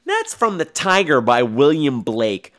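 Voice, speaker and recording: A sarcastic man hosts a horror review podcast with crude jokes and a lively, swinging delivery. His voice is bright and a little high. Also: a little slow. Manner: animated, sarcastic, crude humor. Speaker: podcast host and film reviewer.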